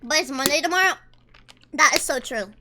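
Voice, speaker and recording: A woman's voice: sits high, fairly quick, bright, forceful tone, slight background noise. A woman streamer chatting casually with her chat, reading messages aloud and talking while she eats. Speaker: livestreamer.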